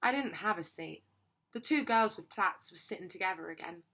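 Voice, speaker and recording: Female reader, steady expressive storybook narration. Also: lowish voice, moderate pace. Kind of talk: reading a children's novel aloud.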